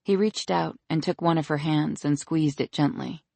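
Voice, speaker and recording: An audiobook narrator giving a measured, scripted reading of a romance novel. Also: mid-range voice, steady tone, gravelly, warm tone, no echo.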